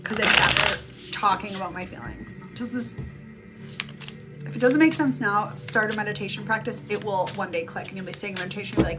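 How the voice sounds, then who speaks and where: Over background music, a woman talks a little fast in a medium-pitched voice. Her casual psychic reading goes out on a live stream through a phone mic, and she rambles, speaks bluntly and swears freely.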